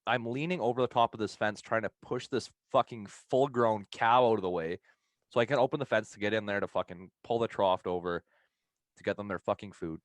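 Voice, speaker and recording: A low-pitched man tells a long, rambling story on a podcast, swearing freely and laughing between lines. His voice is dry and close to the mic, with no room sound around it. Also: no echo. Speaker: podcast co-host telling a story.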